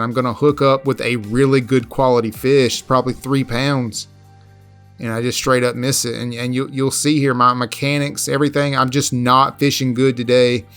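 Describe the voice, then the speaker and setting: A man narrating a voice-over recap of his own fishing tournament, halting and repeating words as he restarts. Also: mid-range voice, fairly bright tone. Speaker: fishing vlogger.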